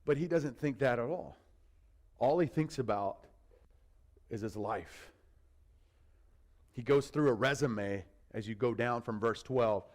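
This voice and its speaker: A man preaching a sermon as a pastor, telling the story in an animated, conversational way with asides to the congregation. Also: medium pitch, unhurried, long pauses, rough recording.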